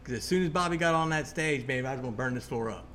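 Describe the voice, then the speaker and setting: A man in casual conversation, telling a ghost story in an excitable, rambling way with many restarts. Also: mid-range voice, rapid-fire, a little hiss or hum.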